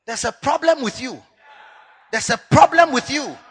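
A Ghanaian man preaching a sermon to a church conference, dropping to low asides and rising to loud shouts, mixing English with Twi phrases. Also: moderate pace, husky. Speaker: pastor. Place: church conference hall with a congregation.

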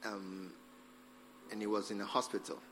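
A man preaching a sermon as pastor, acting out scenes with sudden shouts. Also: lowish voice, moderate pace. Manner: animated, acts out scenes, shouts for effect. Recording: long hall reverb with faint music.

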